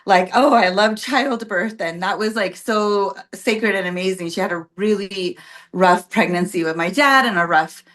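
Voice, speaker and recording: A woman's voice: lowish voice, moderate pace, fairly bright tone. A young adult woman, a podcast guest, telling her story in a casual, chatty way, full of "like" and "um" and acting out what others said. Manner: chatty, many "like" and "um" fillers, acts out quotes.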